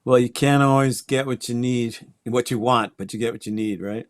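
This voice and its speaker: A man's voice: mid-range voice, fairly even intonation, normal speed, no echo, studio quality. An older man from Connecticut, a guest astrologer, telling his story in a reflective way with small restarts. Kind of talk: interview conversation.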